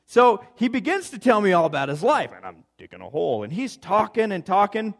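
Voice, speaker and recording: A man preaching a sermon, telling stories in an animated, chatty, playful way. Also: high voice, fairly quick, vocal fry. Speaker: pastor. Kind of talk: conversational sermon storytelling.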